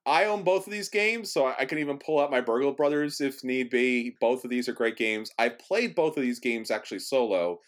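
A man's voice: mid-range voice, a little fast, hardly any pauses. Man, podcast host, upbeat, casual chat, announcing matchups. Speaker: podcast host running the bracket.

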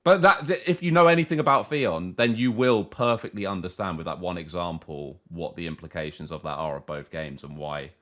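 A man co-hosting a podcast in casual chat, recounting anecdotes in a relaxed way. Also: low-pitched, fairly quick, hardly any pauses. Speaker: podcast co-host.

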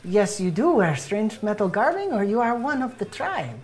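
A woman's voice: medium pitch, very animated, normal speed, darkish tone, pitched above the performer's own voice, close to an everyday voice. A woman voicing a zealous female cow-like preacher with a put-on accent who makes solemn, sing-song proclamations. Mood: welcoming.

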